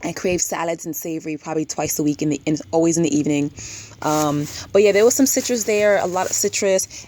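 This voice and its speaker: Young woman vlogger, low voice, chatty and emphatic, camera mic at home, faint room hum. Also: a little fast, a little mellow. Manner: rambling, emphatic, many fillers and restarts. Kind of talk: casual talk to camera.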